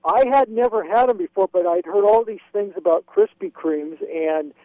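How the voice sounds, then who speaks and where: A man's voice: high-pitched, moderate pace, no echo. A man from Wyoming calling in to a radio show, eagerly retelling a travel story and acting out the quotes. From Wyoming, USA. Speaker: caller. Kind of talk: phone-in storytelling. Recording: tinny phone line.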